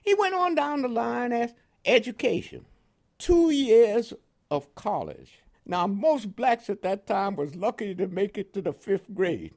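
This older man's voice is high-pitched, gravelly and animated, moving at a moderate pace. Born in Panama, he has a New York accent with West Indian inflections and chuckles a lot while telling his life story in an oral history interview.

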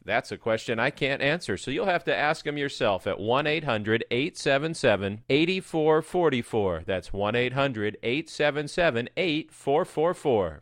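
A man hosting a radio show, reading breaks and ads in a smooth, upbeat way. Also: mid-range voice, a bit bright, dry recording, studio quality. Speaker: radio host.

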